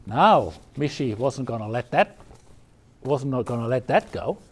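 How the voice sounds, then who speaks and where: A man's voice: medium pitch, lively intonation, unhurried. Man giving a Zen talk. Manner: conversational, many restarts and fillers. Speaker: Zen teacher. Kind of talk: dharma talk on a koan.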